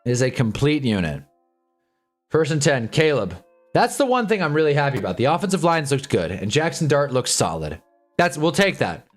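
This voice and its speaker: A tired young man, yawning as he goes, gives casual live football commentary as a watch-along streamer, with soft music playing behind him. His mid-range voice moves at a normal pace but swings widely in pitch. He rambles in a laid-back way, drops sarcastic asides, and keeps saying "whatever" and "anyway."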